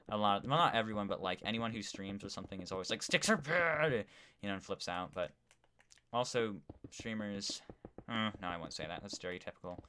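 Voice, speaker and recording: Bright-voiced rambling male streamer. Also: fairly low pitch, steady tone, brisk, clear, resonant tone. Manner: rambling, chatty, reads viewer chat aloud. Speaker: gaming streamer. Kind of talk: casual live-stream chat while playing.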